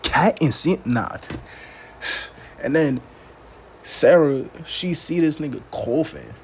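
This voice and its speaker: A man giving a casual, animated movie recap full of slang, acting out the characters' lines as he goes. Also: on the high side, slow pace, creaky, slight background noise. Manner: animated, slangy storytelling with frequent laughs. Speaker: movie reviewer.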